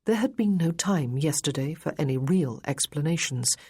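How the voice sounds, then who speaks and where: A woman narrating a period romance novel in a measured, even storytelling manner. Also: low voice, husky. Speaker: audiobook narrator.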